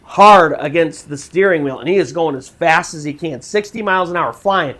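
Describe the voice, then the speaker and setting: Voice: mid-range voice, moderate pace, a bit bright. A storytelling channel host narrating a true scary story in a casual, conversational way with fillers.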